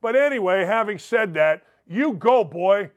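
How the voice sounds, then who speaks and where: A middle-aged man hosting a sports talk show, brashly reading listener emails and telling stories with loud gusto. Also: high-pitched, lively intonation, unhurried. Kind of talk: sports talk radio monologue.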